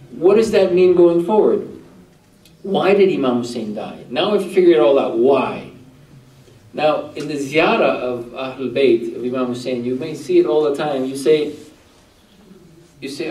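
A man's voice: sits high, mellow. A man giving a religious talk to a group, often putting questions to the listeners. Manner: rhetorical questions to the audience. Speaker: religious teacher. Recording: echoey room, voice far from mic.

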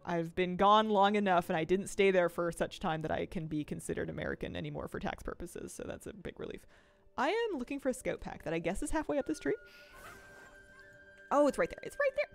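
A woman's voice: fairly low pitch, animated, quick pace, creaky, faint music behind. A young adult woman streaming a game, chatting casually and rambling, often breaking into laughter. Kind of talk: casual live-stream chat while gaming.

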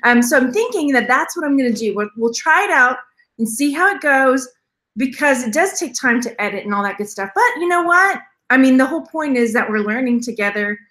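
A high, bright-voiced woman rambles through a live stream, greeting her viewers one after another. Her talk wanders from one tangent to the next, with plenty of laughter along the way. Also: expressive, fairly quick. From Texas. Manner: rambling, chatty, laughs often. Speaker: jewelry reseller, channel host.

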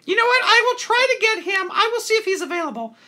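The toilet paper puppet host, voiced by a man, sounds very high-pitched, bright and forceful, heavily acted and expressive. He talks fast, keeping the live call-in chat cheerful and playful.

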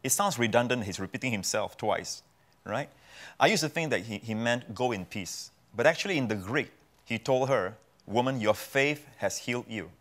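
A man's voice: mid-range voice, lively intonation, moderate pace, fairly bright tone. A man, a pastor, preaching as a guest in a television studio interview, with emphatic repetition of key phrases. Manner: emphatic, repeats phrases for effect. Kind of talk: preaching in a talk show interview.

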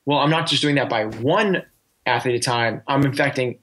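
Speaking a little fast in a mid-range, fairly bright voice, a man joins a podcast as a coaching guest. He comes across earnest in the casual interview, frequently starting sentences over and leaning on fillers.

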